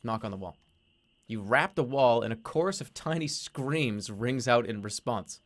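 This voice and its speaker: Streamer guy reading game text out loud, goofy asides, swears a lot, normal pitched voice. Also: animated, normal speed. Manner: playful, swears casually, laughs at himself. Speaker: streamer playing a text adventure. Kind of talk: reading game text aloud with joking commentary.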